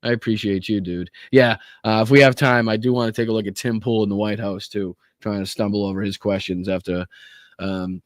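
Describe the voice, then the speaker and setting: A man's voice: lowish voice, fairly even intonation, a little fast, no room sound, studio quality. A man hosting a political podcast livestream, talking casually and sarcastically, swearing and thanking viewers by name. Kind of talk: livestream commentary.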